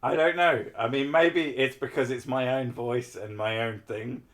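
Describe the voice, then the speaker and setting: A man's voice: mid-range voice, steady tone, normal speed. A man hosting a live stream, chatting casually and rambling through self-mocking asides.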